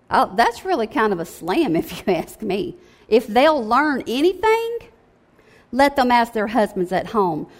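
Female preacher, fairly high voice, informal and emphatic delivery. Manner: conversational, emphatic, keeps asking "okay?". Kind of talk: sermon.

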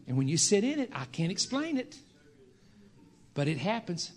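A preacher man telling a folksy testimony to a congregation, building into shouted fervor. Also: sits high, sing-song, normal speed.

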